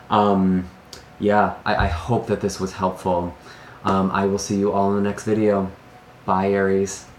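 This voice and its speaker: A man's voice: sits low, slight background noise. A man giving an earnest, emotional tarot reading to camera, often sighing between thoughts. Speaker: tarot reader. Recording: echoey room.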